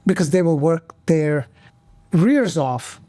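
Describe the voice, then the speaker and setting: High-voiced chatty male podcast host. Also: lively intonation, slow, dark tone, dry recording. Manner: chatty, rambling questions. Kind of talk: casual interview chat.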